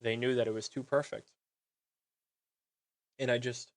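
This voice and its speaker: A man reviewing collectible figures in a sarcastic vlog, gushing with fake sentimentality and breaking off into halting, trailing sentences. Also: medium pitch, flat delivery.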